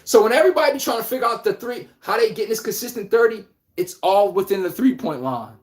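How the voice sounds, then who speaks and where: A man hosting a live basketball talk stream, animated and trash-talking, laughing often and answering viewers by name. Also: sits high, fast talker. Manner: addresses chat viewers by name. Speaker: podcast host. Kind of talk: casual live sports talk.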